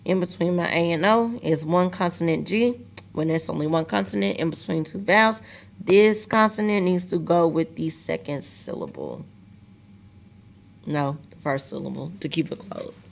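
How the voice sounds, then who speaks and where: A woman teacher recording a lesson for young students, slowly sounding out words syllable by syllable and talking to the class directly. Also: on the low side, expressive, creaky.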